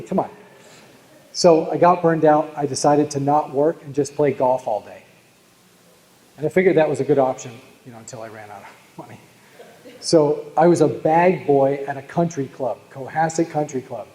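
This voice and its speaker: Here a joking Boston man with a warm voice on the high side gives a live motivational keynote on sales. He tells stories and talks to the audience, and the large event hall leaves a long echo on the recording.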